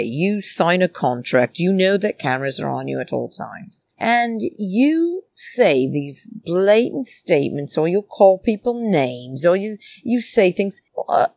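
A woman's voice: sits low, vocal fry, a little mellow, dry recording. A woman ranting heatedly to her listeners, swearing and calling them darlings. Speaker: podcast or vlog host. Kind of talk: casual rant. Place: flat in a big city.

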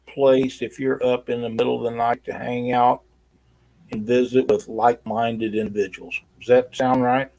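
A man's voice: medium pitch, flat delivery, normal speed, vocal fry, darkish tone, no echo, low-quality recording. A man co-hosting a live stream giveaway in a casual, folksy way, reading chat comments aloud.

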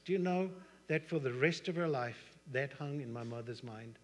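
A man's voice: medium pitch, brisk, hardly any pauses. A middle-aged man with a South African accent preaching a sermon, conversational, with asides and rhetorical questions to the congregation. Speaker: pastor. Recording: long hall reverb.

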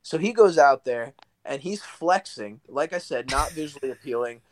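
A man's voice: a little high, expressive, normal speed, no echo. A young man, a guest pro wrestler, telling stories in a casual interview, rambling with lots of likes and you-knows.

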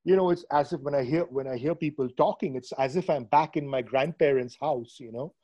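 A man's voice: mid-range voice, a little fast, warm tone, dull audio. A man hosting a conversational interview over a video call, thoughtful and hesitant, with many fillers and restarts. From India. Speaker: podcast host. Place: Srinagar.

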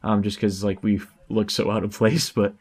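Laid-back low-voiced male podcast host. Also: flat delivery, moderate pace, a little mellow, breathy edge. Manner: laid-back, filler-heavy talk. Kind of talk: casual chat.

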